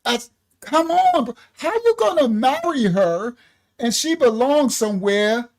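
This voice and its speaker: Male ministry leader on a casual livestream; slangy, laughing, acts out voices, very lively pitch. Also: a little slow. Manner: animated, laughing, heavy slang.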